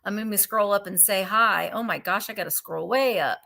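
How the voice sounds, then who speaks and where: A woman's voice: mid-range voice, a little fast, gravelly, sharp tone. A woman hosting a live-streamed vintage sale, chatting in a bubbly way and greeting viewers one by one. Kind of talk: live-stream sales chat.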